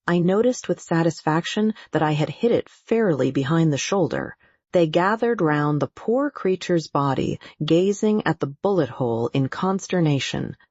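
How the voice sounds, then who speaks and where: A woman reads an adventure audiobook in a low, husky voice, steady and deliberate. The recording is dry and close, with a slightly dull, muffled tone. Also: no echo. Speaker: audiobook narrator. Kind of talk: scripted audiobook narration.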